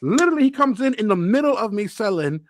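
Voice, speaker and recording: A man with a high, bright speaking voice tells stories on a casual show. He keeps slipping into other people's voices as he quotes them. The sound is close and dry. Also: sing-song, fast talker, no echo. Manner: acts out quotes in different voices, laughs a lot. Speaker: podcast co-host. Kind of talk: animated storytelling chat.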